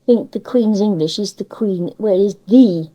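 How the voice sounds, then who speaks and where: A woman's voice: medium pitch, a little slow, dark tone, muffled recording. An older woman with a Cornish accent, chatting in an interview and giving emphatic opinions. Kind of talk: casual conversation.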